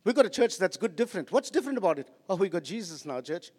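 A man preaching passionately as a pastor, swinging between loud outbursts and quiet asides. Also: sits high, big pitch swings, fast, husky. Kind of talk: sermon. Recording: long hall reverb.

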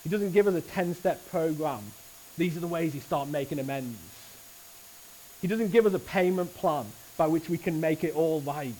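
Male preacher, earnest and lively delivery, voice sits a little high, faint hiss behind. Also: normal speed, rough recording. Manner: earnest, animated, with frequent restarts. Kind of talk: sermon. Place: church service.

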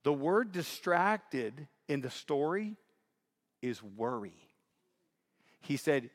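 A man's voice: a little high, animated, slow, long pauses, long reverb tail. A man preaching in a conversational, emphatic sermon style, often repeating himself.

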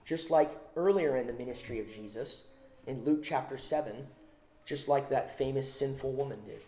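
A man's voice: medium pitch, normal speed, dark tone, echoey room, slight background noise. A man preaching a sermon, emphatic, repeating phrases for stress. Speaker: pastor.

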